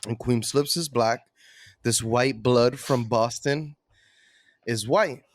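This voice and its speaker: A man's voice: medium pitch, slow, dry recording, studio quality. A man co-hosting a podcast, telling a long story in a loose, casual way with plenty of swearing. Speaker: podcast co-host. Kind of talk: casual chat.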